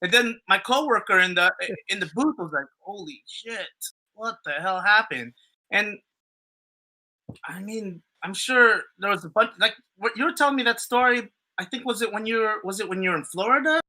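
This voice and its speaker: A man chatting on a podcast, spinning a story in loose, rambling fashion. His voice is very bright, and he swears freely and leans on fillers and restarts. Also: sits high, fairly quick. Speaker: podcast co-host. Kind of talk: casual storytelling chat.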